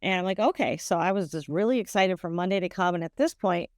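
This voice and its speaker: A woman's voice: on the low side, fast, no echo, studio quality. A woman telling her own story as a podcast interview guest, earnest and rambling, with frequent restarts and self-corrections. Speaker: guest sharing a personal story.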